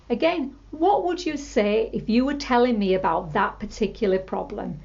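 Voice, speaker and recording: A woman teaching a tapping technique, calmly repeating example phrases as she explains. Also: a little high, moderate pace, vocal fry, lo-fi sound. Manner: calm, repetitive, demonstrates scripts aloud. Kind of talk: instructional talk to camera.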